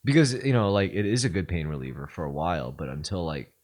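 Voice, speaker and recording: A man with a very low voice, hosting a podcast in loose, rambling conversation. He swears freely and fills his sentences with "like" and "you know". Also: very animated, quick pace, a little mellow. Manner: casual and profane, rambling with lots of fillers. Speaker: podcast host. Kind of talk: casual podcast chat.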